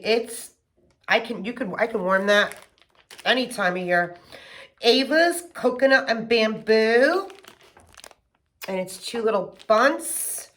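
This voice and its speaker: A middle-aged woman chatting casually and gushing with excitement as she unboxes gifts for her vlog. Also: medium pitch, a little hiss or hum. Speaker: home fragrance vlogger.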